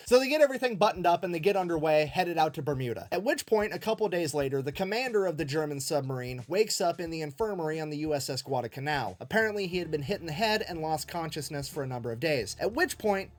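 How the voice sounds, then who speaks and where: High-pitched, foul-mouthed male history storyteller. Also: animated. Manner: profane, irreverent, jokey retelling with quick put-on quote voices. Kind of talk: comedic history narration.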